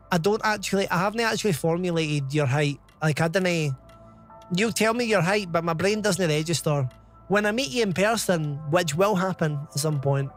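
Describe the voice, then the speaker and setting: A man with a fairly high voice chats casually on a game live stream, rambling from topic to topic and laughing often. Soft game music plays faintly beneath him.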